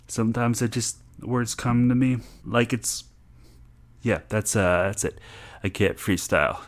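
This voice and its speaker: A man from Florida half-raps in loose rhymes, then drifts into relaxed, rambling talk. His sentences trail off and restart, with small laughs between thoughts. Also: mid-range voice, measured pace. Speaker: contributor rapping about his day. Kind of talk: casual rap and chat.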